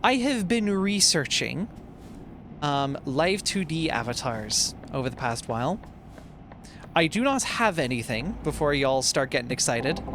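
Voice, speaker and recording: A man in his twenties, a streamer chatting playfully and reading his chat aloud while he plays a game. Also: on the high side. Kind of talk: casual live-stream chat while gaming. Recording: truck engine noise from the game.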